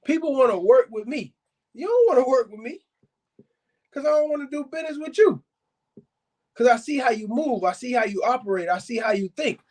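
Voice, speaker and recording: A man's voice: very high voice, lively intonation, brisk, pauses often, darkish tone. A man hosting a casual dog-advice talk, speaking straight to his viewers with blunt, emphatic repetition and calling them fam and y'all. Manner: blunt, emphatic, repeats himself for stress. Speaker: dog breeder and podcast host.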